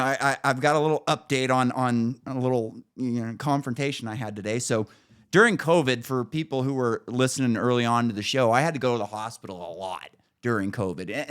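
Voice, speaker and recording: A man hosting a podcast, telling a story in a casual, profane, rambling way with frequent restarts. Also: mid-range voice. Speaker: podcast host.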